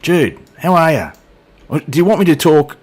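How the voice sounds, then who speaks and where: In casual gameplay commentary for a flight sim, a middle-aged man chats and pokes fun at himself while joking with a silent co-pilot. His voice is fairly high and a little mellow, very animated, at normal speed.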